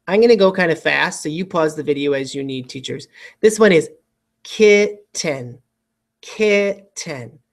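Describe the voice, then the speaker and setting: Patient teacher sounding out words. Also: medium pitch. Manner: stretches words apart slowly to demonstrate sounds; patient, addresses young students directly. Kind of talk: recorded phonics lesson for children.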